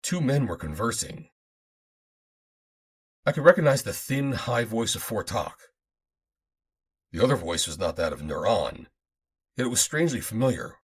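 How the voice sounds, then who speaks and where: Man narrating an audiobook, husky, lower voice, lively delivery. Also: moderate pace, pauses often. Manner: dramatic, expressive reading. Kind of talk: first-person audiobook narration.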